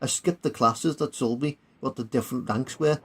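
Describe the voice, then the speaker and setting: A brash, swearing Liverpool squaddie, as a male storyteller puts him on, pitched high and loud with open insolence. His temper flares fast in this war audiobook. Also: slightly rough, lightly acted. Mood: cheeky, combative. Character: foul-mouthed hot-tempered Liverpool soldier.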